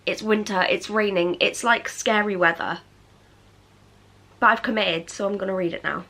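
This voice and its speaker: A young woman, chatting excitedly in a casual reading vlog. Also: mid-range voice, moderate pace. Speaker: book vlogger.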